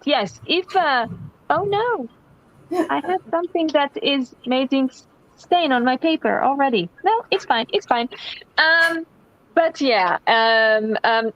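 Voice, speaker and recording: A woman's voice: high voice, a bit bright. A woman co-hosting a craft livestream, talking casually and hesitantly with many fillers. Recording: dull lo-fi sound.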